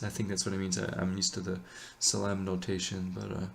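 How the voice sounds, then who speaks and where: A man explaining a chant melody in a relaxed, halting way, pausing often with fillers and correcting himself. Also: sits low, creaky. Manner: hesitant, many ums and self-corrections. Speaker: chant teacher. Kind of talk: casual explanation with sung chant examples.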